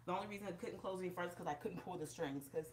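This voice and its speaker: A chatty woman vlogger, a little out of breath, demonstrates something on camera in a casual vlog, speaking directly to viewers. Her voice is lowish, racing and slightly mellow, captured by a camera propped up in front of her with a roomy sound and slight background noise.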